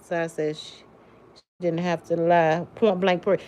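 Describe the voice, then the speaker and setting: This livestream host speaks in a lowish, mellow voice that is flat and slightly slow. She chats casually while reading comments, naming her viewers with emphasis and restating her points.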